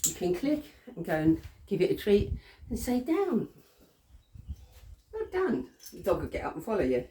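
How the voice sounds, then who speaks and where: A chatty woman explains dog training in a casual lesson, laughing often and checking in with "okay". Her voice is low and mellow but moves lively up and down. It sounds roomy and a little distant, picked up by a camera mic across an echoey room. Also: fairly quick.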